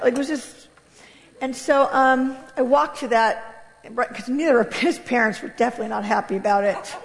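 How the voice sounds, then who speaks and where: A woman giving a candid, animated church testimony, laughing often as she speaks. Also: fairly high pitch, normal speed, long reverb tail. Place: church hall.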